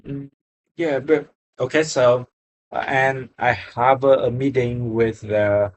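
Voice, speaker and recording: A young man learning English, speaking haltingly and searching for words, often apologizing in a casual practice conversation. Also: mid-range voice, fairly even intonation, rough recording.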